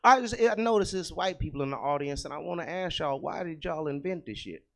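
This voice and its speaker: A man's voice: animated, a little fast, vocal fry. Crude, swinging stand-up comedian, man. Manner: crude, conversational, talks to the crowd; swings between loud bursts and low muttered asides. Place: comedy club stage.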